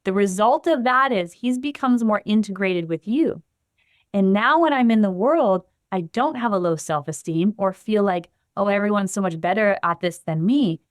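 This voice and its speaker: A woman guest on a podcast explaining her practice in an animated way, acting out the voices of the people in her examples. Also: mid-range voice, dry recording, clean studio sound. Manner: animated, acts out the quotes she gives. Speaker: guest, somatic trauma practitioner.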